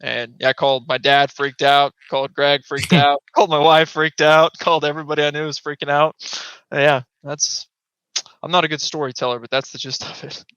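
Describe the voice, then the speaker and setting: A man's voice: on the high side, brisk, clear, resonant tone, no room sound. A man, a guest on a podcast, telling a hunting story casually and acting out voices and sounds. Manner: animated, acts out voices and sounds. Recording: dull lo-fi podcast audio.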